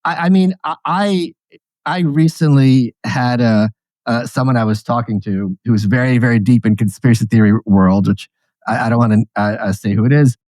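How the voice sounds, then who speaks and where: A man appearing as a guest on a podcast, telling anecdotes in an animated, casual way. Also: mid-range voice, normal speed, dry recording. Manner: animated storyteller, laughing at his own anecdotes. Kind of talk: casual interview conversation.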